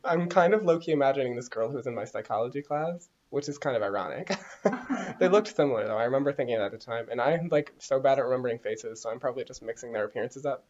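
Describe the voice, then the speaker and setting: A woman's voice: very deep voice, fast talker. A young woman co-hosting a podcast, telling stories in casual chat and laughing often. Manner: animated, laughing often, storytelling. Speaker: podcast co-host. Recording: dull lo-fi recording.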